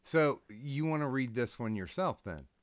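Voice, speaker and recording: A man's voice: mid-range voice, expressive, moderate pace. Hesitant, blunt-talking male streamer. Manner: hesitant, lots of ums, blunt swearing. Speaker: streamer host. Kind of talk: casual live-stream chat.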